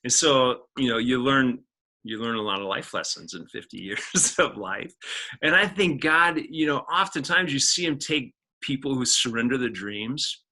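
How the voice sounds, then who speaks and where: A guest actor in his forties tells his life story in a casual interview, earnest and animated, often laughing and restarting his sentences. His mid-range voice moves at normal speed, and the recording quality is low.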